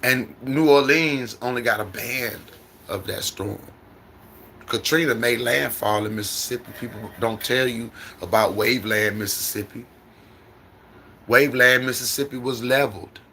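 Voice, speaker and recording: A man's voice: mid-range voice, normal speed, pushed and bright, a little hiss or hum. A middle-aged man who drives trucks, talking on his livestream in a repetitive, preacherly storytelling way into a phone. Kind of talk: casual livestream monologue.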